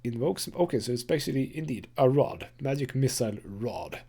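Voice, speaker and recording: Gravelly, husky man commentating gameplay. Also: medium pitch, lively intonation, brisk, warm tone. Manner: thinks aloud with frequent fillers and trailing remarks. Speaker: let's play host.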